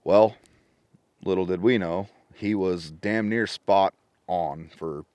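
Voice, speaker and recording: A middle-aged man with a very deep voice tells his story at a relaxed podcast pace, recorded dry and close. He gets animated and acts out the voices in his phone calls. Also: slow pace, smooth, dry recording. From Washington State. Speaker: podcast guest. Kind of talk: casual storytelling chat.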